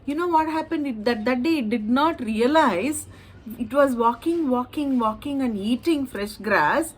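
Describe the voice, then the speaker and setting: A woman telling a children's story, animated and often asking her listeners questions. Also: high-pitched, measured pace, low-quality recording.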